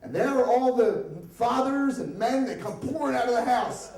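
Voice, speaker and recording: A man raised around Upper Darby tells a comic story to a live room, loose and conversational with plenty of swearing. His voice sits high for a man. The sound is distant and washed in heavy room echo. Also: moderate pace. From Upper Darby, Pennsylvania area. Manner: animated, comic, profane, conversational. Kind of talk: live story slam telling. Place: stage at a live storytelling event. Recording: echoey room, voice from far off.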